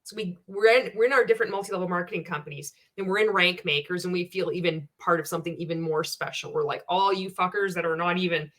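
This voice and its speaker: A woman's voice: on the low side, fairly even intonation, fast talker, hardly any pauses, fairly bright tone. A woman giving a sarcastic, profane reaction rant as a video commentator, blunt and scornful.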